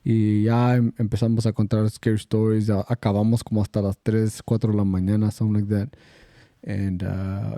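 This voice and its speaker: A man's voice: lowish voice, mellow, no room sound. A middle-aged man hosting a podcast, telling ghost stories in a rambling, profane, slangy way and dropping in Spanish phrases. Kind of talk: casual storytelling chat.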